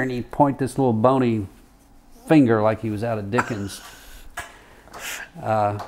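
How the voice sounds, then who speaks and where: Brief: an older retired lawyer reminiscing in an interview, unhurried anecdotes, chuckling between stories. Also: male voice, mid-range voice, steady tone, a little mellow. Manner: rambling anecdotal, frequent fillers, chuckles. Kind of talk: oral history interview storytelling.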